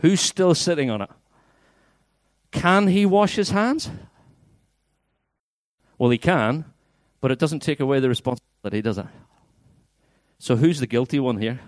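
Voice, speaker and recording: A man's voice: medium pitch, lively intonation, measured pace, pauses often, no room sound, clean studio sound. A man preaching as a pastor, playful and coaxing, getting the congregation to act out a Bible story. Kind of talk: interactive sermon with acted-out scripture. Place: church hall.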